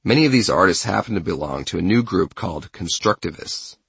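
A man reading a scripted essay narration in a measured way, with a husky, gravelly voice. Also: deep voice, expressive, fairly bright tone, no echo.

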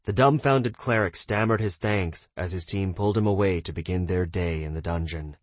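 A man's voice: moderate pace, hardly any pauses, dry recording. A man narrating a fantasy novel as an audiobook reader, doing the characters' voices himself. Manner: reads narration evenly, voices characters with shouts and raised pitch.

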